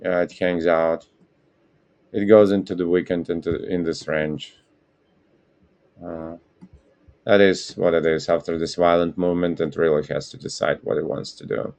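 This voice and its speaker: A man's voice: sits low, fairly even intonation, normal speed, vocal fry, long pauses, a little mellow. A man hosting a live trading stream, rambling and correcting himself in casual market commentary. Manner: rambling, self-correcting, apologetic.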